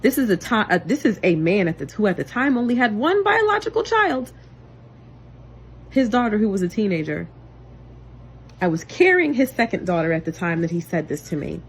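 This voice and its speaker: Young woman, direct-to-camera testimony; earnest and intense, with sharp swings from loud to hushed. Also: big pitch swings, moderate pace, slightly rough. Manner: earnest, intense, swings between loud outbursts and quiet low passages. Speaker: vlogger and single mother. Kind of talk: emotional personal testimony to camera.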